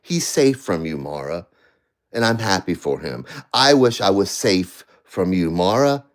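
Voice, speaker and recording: A man ranting on a livestream from home, addressing absent people, swinging between heated shouting and low, tired muttering. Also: lively intonation, unhurried. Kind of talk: angry livestream rant. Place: at home, seated.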